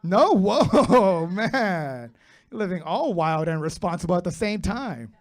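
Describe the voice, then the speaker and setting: A man's voice: sits high, lively intonation, slow pace. A man in his thirties doing a profane stand-up comedy set, bantering brashly with the crowd. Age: 30s. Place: comedy club stage with live audience.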